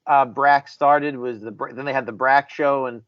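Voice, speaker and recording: A man's voice: mid-range voice, fairly even intonation, moderate pace, dry recording. Guy on a podcast gushing about old favorites, dead dry sound, muffled. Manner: enthusiastic, storytelling, some restarts. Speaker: podcast co-host. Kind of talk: casual chat. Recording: dry, dull lo-fi audio.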